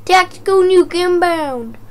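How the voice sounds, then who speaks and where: In a very high, worn-out voice, a woman slowly narrates her gameplay with casual let's-play jokes. Scares make her yelp and shout.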